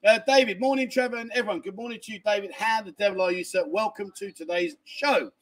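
High-voiced, cheeky livestream host. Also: male voice, fast. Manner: cheeky, banters and laughs while reading comments. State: tired from lack of sleep. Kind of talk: casual livestream chat reading viewer comments.

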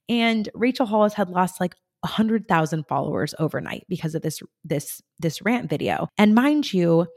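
A young woman tells personal stories on her podcast in a casual, gushing monologue. She acts out her own quoted thoughts with lively swings in her voice. Her pitch sits a little low for a woman. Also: moderate pace. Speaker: podcast host.

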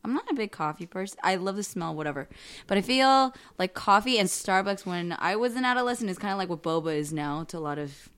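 A woman's voice: mid-range voice, lively intonation, quick pace, a bit bright, smooth. A woman from the Bay Area in casual chat, with wry quips. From San Francisco Bay Area.

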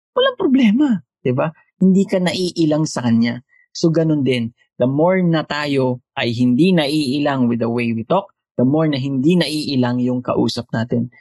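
A man's voice: medium pitch, dry recording, poor audio. Chatty Filipino man, dry close sound. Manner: animated, chatty, says "di ba" often. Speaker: podcast host. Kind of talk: casual podcast monologue mixing English and Tagalog.

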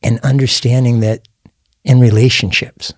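Husky guy hosting a faith podcast, encouraging, dry close mic. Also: mid-range voice, little pitch movement, normal speed, darkish tone, dry recording. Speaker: podcast host. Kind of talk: casual faith talk interview.

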